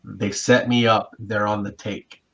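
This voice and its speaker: A man's voice: fairly low pitch, level tone, a little slow, creaky, fairly bright tone, dull audio, pitched below the performer's own voice. A man voicing a twitchy, defensive insectoid male police detective in a tabletop game. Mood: urgent.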